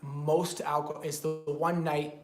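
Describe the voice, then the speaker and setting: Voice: mid-range voice, level tone, a little slow, over music. Co-host chiming in, echoey room. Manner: chimes in with short remarks and fun facts. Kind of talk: casual teaching chat. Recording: echoey room with faint background noise.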